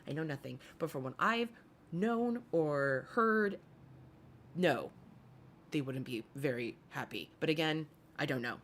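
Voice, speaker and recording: A woman with a low-set voice hosts a casual live commentary stream. She talks in a loose, chatty way and swears freely. She keeps greeting viewers in the chat by name between her remarks. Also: animated, a little slow, a bit bright, a little hiss or hum.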